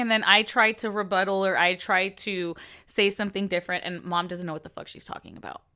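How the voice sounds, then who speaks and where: Thirty-something woman vlogging, blunt and sweary, chatty, goes quiet and whispery sometimes. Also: mid-range voice. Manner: blunt, swears freely, swings between loud and whispered asides. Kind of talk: casual reaction commentary.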